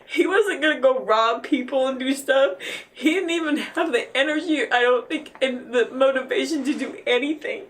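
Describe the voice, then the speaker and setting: A woman guest telling a painful personal story in a podcast interview, halting and earnest, often restarting her sentences. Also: high voice, distant mic. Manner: earnest and emotional.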